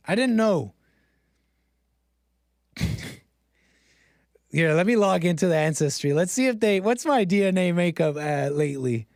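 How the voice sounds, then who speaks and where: A man's voice: high-pitched, lively intonation, moderate pace, pauses often, a little mellow, no echo, studio quality. A man hosting a livestream, joking and self-mocking as he talks to his chat. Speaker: streamer host. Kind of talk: casual livestream monologue.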